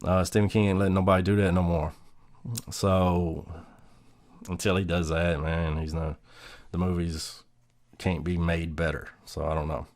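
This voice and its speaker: A man with a lowish voice rants through a casual movie review. He is blunt and profane, mocks the film and laughs often. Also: little pitch movement, normal speed, long pauses, a little mellow.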